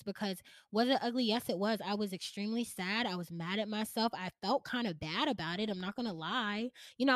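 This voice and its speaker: A young woman in her twenties hosting a personal storytelling podcast, recorded close and dry with no room sound. She speaks candidly and emotionally at a middle pitch, chatting directly to her listeners as if they were friends. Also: no echo. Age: 20s. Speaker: podcast host.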